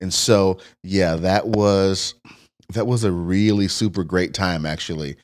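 A man's voice: low voice, fairly even intonation, a little slow. A middle-aged man hosting a podcast in casual chat, upbeat and laughing often. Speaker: podcast host.

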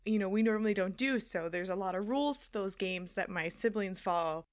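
A young woman co-hosting a podcast, telling a story in casual chat and acting out the quotes with loud, animated energy. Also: medium pitch, fairly quick. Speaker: podcast co-host.

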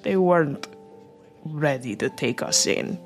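A woman's voice: sits low, lively intonation, a little slow, soft background music. A woman voicing a weary, curt innkeeper. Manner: tired, curt. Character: weary middle-aged male innkeeper. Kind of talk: audiobook reading.

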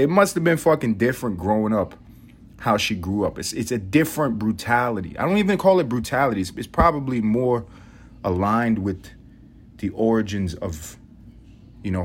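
A young man from New York City telling rambling, profane stories on his solo podcast. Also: breathy edge. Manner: rambling, profane, muses aloud; mimics his grandmother in a high voice. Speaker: podcast host. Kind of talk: casual solo storytelling.

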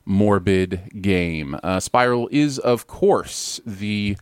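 A man's voice: on the low side, extremely slow, smooth, no echo, studio quality. A man hosting a casual pop-culture podcast, chatty and loose, chuckling between lines and using plenty of fillers. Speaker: podcast host.

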